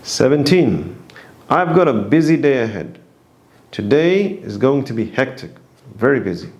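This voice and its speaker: A man reads through a scripted English lesson, taking each phrase and example at a slow, careful pace. His pitch moves about widely as he switches between explanations and acted-out examples. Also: very animated, darkish tone, highs cut off. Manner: slow, deliberate reading of phrases and example sentences. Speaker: English teacher.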